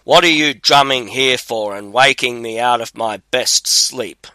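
A man's voice: mid-range voice, unhurried, bright, forceful tone, no echo. A man reading the lines of a huge, boastful male giant who turns wary. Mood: blustering.

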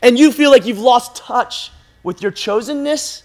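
Male preacher, high-pitched voice, impassioned sermon delivery, drops to a hush then builds loud. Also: measured pace. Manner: impassioned, repetitive, swings from hushed to loud.

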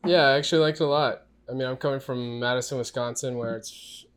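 A man from Oklahoma appearing as a guest on a podcast, chatting casually and poking fun at himself. His voice sits at an ordinary male pitch. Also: fairly even intonation, fast talker, clean tone. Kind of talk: casual chat.

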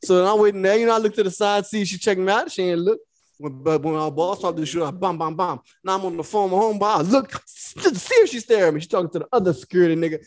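High-pitched and rapid-fire, a young man co-hosting a podcast rattles off a profane story, acting out each side. The studio-quality audio carries no room sound, and the tone is casual storytelling.

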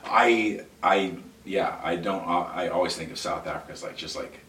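A man with a low, deep voice chats casually as a church podcast co-host, cracking jokes and laughing as he stumbles through restarts. He sounds far from the mic in a roomy, echoing space, with faint background noise. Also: fairly bright tone. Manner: jokey, laughs often, halting restarts. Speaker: lead pastor, podcast co-host. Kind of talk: casual chat.

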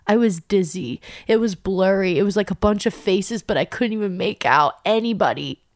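A woman's voice: medium pitch, normal speed. A young woman telling a personal story in an emotional, intense way, her voice climbing when she gets upset.

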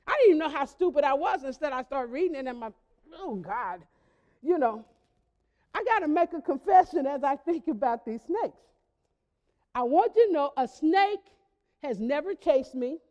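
A woman pastor preaching a sermon, telling stories in a conversational, lively way. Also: extremely high pitch, long reverb tail. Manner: conversational storytelling with lively emphasis.

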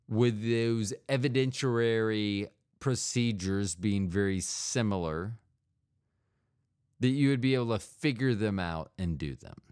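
A man's voice: on the low side, a little mellow, clear, resonant tone. Rambling man on a solo podcast. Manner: rambling and digressive, with frequent fillers; playful, makes mouth sound effects. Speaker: podcast host. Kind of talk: solo comedic monologue.

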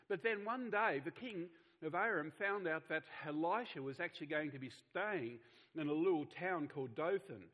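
Earnest pastor, slightly higher voice. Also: male voice, normal speed, highs cut off. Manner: earnest, conversational, with restarts. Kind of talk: sermon.

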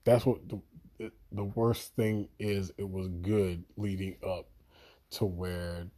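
A man's voice: low-pitched, level tone, slow, warm tone, breathy edge. A man giving an exasperated, profanity-laden video review of a series he thinks let him down. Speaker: show reviewer.

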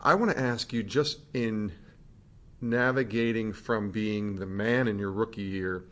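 A man's voice: fairly low pitch, steady tone, unhurried, a bit bright. A man hosting an interview, walking through his guest's story step by step before asking a question. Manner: recaps the guest's story, then asks a question. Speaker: host, interviewer.

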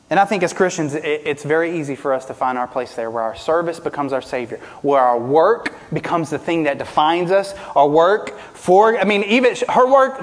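A man preaching a sermon as pastor, asking the congregation rhetorical questions, rising and dropping from loud to quiet. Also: moderate pace, few pauses, long reverb tail. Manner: preaching with rhetorical questions, pitch and volume swinging widely.

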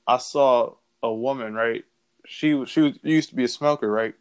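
A man's voice: mid-range voice, normal speed, smooth. A man co-hosting a casual talk recording, talking loosely with slang and laughing often. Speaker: podcast co-host. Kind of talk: casual chat.

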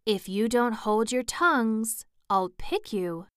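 A woman reads a polite, curious young girl in a storybook, asking questions in a smooth, slow voice. She keeps a gentle, well-mannered tone throughout. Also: a little high, expressive, no echo, studio quality. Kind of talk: storybook character reading.

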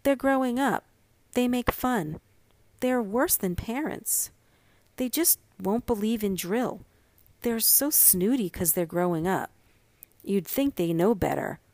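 A woman voicing an excitable, scheming little girl who talks eagerly and a bit whiny in a storybook reading. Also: mid-range voice, slow pace, dry recording. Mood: excited.

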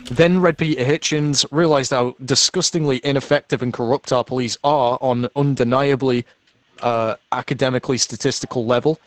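A man's voice: medium pitch, moderate pace, dry recording. A man, reading forum posts aloud to friends in a crude, casual group chat.

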